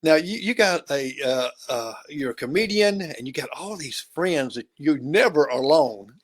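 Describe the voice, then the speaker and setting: A man hosting a talk show, asking questions in a halting way with many restarts and fillers. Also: fairly high pitch, animated. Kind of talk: casual interview chat.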